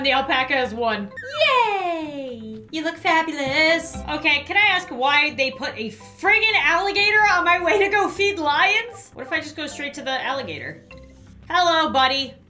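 A young woman playing a mobile game on camera, giving excitable running commentary, shrieking and laughing and talking to the animals. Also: high voice. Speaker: gaming YouTuber.

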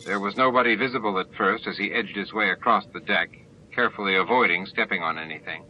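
A man's voice: fairly low pitch, fast talker, highs cut off, a little hiss or hum. Man reading an audiobook aloud. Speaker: audiobook reader. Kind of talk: amateur audiobook narration.

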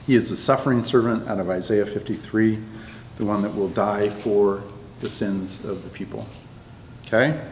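A man's voice: fairly low pitch, fairly even intonation, moderate pace, darkish tone. A man teaching a Bible study class to a live group, talking conversationally and often checking that the class is following. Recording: echoey room, long reverb, faint noise.

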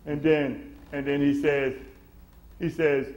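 A man's voice: a little high, animated, measured pace, darkish tone. A man preaching a sermon, swelling into emphatic, acted-out quotes in a church. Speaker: pastor. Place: church sanctuary. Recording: echoey church room.

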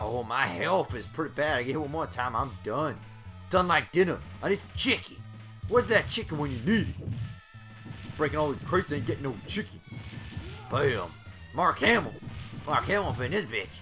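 A man giving brash, profane let's-play commentary full of excited yelps and outbursts. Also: fairly high pitch. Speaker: gaming YouTuber.

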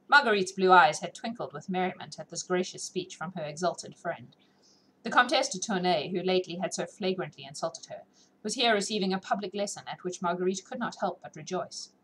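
A woman narrating a classic novel audiobook in a measured, expressive reading. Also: on the low side, a little hiss or hum, rough recording. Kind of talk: scripted narration.

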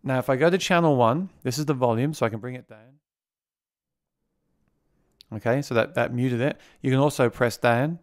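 A man gives a chatty demo of a music mixer, often repeating a word as he restarts a thought, speaking into a vocal mic routed through the mixer itself. His voice sits at a middling pitch and moves at a normal speed with long pauses. The sound is dry and close, without echo or any room around it.

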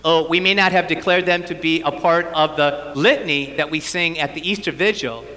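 A priest giving an animated storytelling sermon at a parish mission and acting out his own thoughts. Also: fairly high pitch, moderate pace, big-room sound. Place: church.

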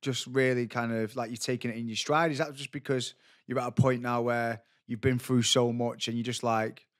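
A man's voice: mid-range voice, level tone, normal speed, no echo, studio quality. A man hosting a podcast, talking earnestly and reflectively with lots of restarts and "like". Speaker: podcast host. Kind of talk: reflective conversational interview.

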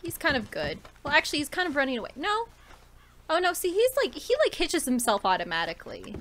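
A woman's voice: high-pitched, wildly swooping pitch, quick pace, a bit bright. A young woman streamer giving casual, emotional, chatty commentary on a game she plays. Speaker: gaming streamer. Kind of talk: casual let's-play commentary.

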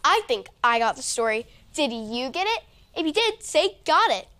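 A woman's voice: high-pitched, very animated, moderate pace, very noisy. A woman hosting a children's church lesson, speaking in an enthusiastic way and prompting the kids to answer. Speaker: children's program host. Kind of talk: scripted kids' lesson.

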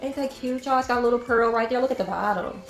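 A middle-aged woman chats casually about her purchases, talking straight to her viewers. Her voice sits fairly high, and the room gives it a clear echo. Music plays clearly underneath her talk. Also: fast talker. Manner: chatty, addresses viewers as y'all. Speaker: vlogger. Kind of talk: casual haul chat.

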